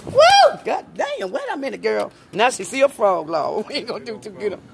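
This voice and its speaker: A woman, vlogging at home on her phone in loud, profane, laughing banter. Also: fairly high pitch, huge pitch swings, moderate pace, vocal fry, heavy background noise. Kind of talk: casual home vlog. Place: home, indoors then outdoors at night.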